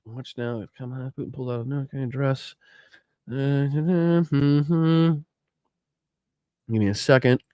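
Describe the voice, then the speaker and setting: A man's voice: mid-range voice, fairly even intonation, unhurried, pauses often, a little mellow, no echo. A man hosting a live political podcast, talking bluntly with lots of swearing, and often restarting his sentences as he works his screen. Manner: blunt and heavily profane; fumbles with restarts while working his screen. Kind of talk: casual live-streamed rant.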